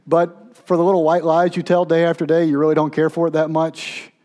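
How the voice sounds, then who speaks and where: Mid-sermon, a pastor speaks a little fast and fairly monotone, his voice pitched slightly higher than most men's. He moves between raised, pleading intensity and quiet, low stretches that draw listeners in.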